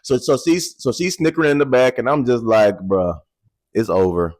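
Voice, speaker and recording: A man in his twenties telling a personal story to the camera in an animated, candid way, talking straight to viewers and swearing casually. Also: mid-range voice, brisk, no echo.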